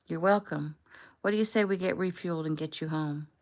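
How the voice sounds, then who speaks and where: A woman's voice: fairly low pitch, fairly quick, a little mellow, lightly acted. A woman voicing a friendly, easygoing man who once worked as a bodyguard, in her own reading voice.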